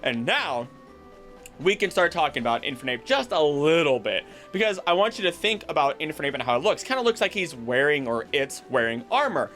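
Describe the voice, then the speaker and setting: A man hosting a video, explaining myths in an animated, jokey, tangential way. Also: fairly high pitch, brisk, hardly any pauses, faint music behind. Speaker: voice actor and video host. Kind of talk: casual explanatory commentary.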